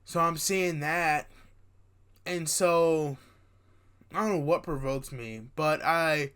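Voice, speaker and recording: Young male vlogger, high voice, tired, rambling casual storytelling with restarts. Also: slow, clear, resonant tone. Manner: animated, rambling with restarts and asides. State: tired, yawning.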